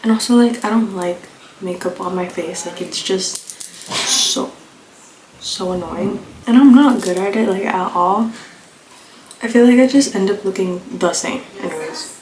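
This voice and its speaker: A young adult beauty vlogger, slightly hoarse as she comes down with a cold, chats offhandedly through her makeup routine into a phone camera, rambling and using lots of fillers. Her voice is mid-pitched for a woman with a measured pace, in an echoey room with clear noise underneath.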